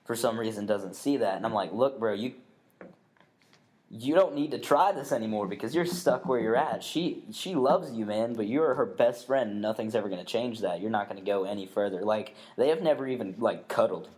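A man's voice: lowish voice, normal speed, darkish tone. Rambling young man telling a story. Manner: rambling, swears often, many fillers and restarts. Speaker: podcast co-host. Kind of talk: casual storytelling chat.

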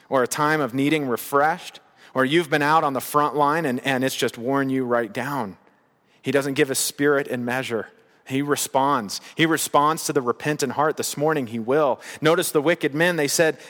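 A man's voice: mid-range voice, fairly bright tone, long reverb tail. A man preaching a sermon in a casual, conversational way, with bursts of emphasis. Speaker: pastor.

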